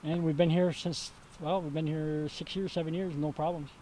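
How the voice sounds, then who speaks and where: An older man giving a casual outdoor tour of his rural property, telling stories in a folksy, halting way with many fillers. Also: on the high side, steady tone, mellow, slight background noise, rough recording. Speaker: vegetable stand owner. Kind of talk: casual chat on a walking tour.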